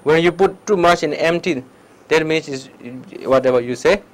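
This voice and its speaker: A meditation teacher with a Tibetan accent gives a public dharma talk with questions in a lecture hall, using broken English and lively stories. He keeps checking in with "okay?" His voice is a little high at normal speed, and the audio is poor.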